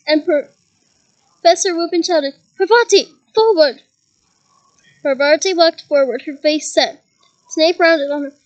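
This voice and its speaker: High-voiced woman reading a story aloud. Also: low-quality recording. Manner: lively reading with chuckles and side comments. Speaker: reader.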